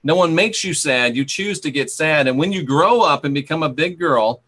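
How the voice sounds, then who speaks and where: A man's voice: fairly high pitch, expressive, normal speed, bright, forceful tone, breathy edge. A man hosting an interview, affirming his guest and asking probing questions. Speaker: host. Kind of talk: conversational interview.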